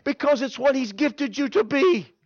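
A man preaching a sermon, telling his own story in an animated way with quick restarts and repeated words. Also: very high-pitched, dry recording. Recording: dull, dry sound.

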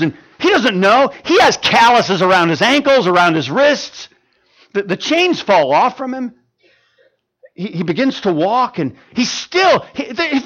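A man preaching a sermon, retelling a story with lots of stammered repeats. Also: sits high. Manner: animated, stammering repetitions.

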